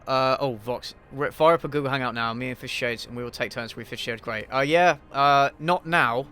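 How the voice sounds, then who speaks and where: A man's voice: mid-range voice, brisk, sharp tone, clean tone. A man hosting a casual livestream Q&A while playing a game, blunt and sweary, with frequent ums and restarts. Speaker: YouTube channel host answering viewer questions.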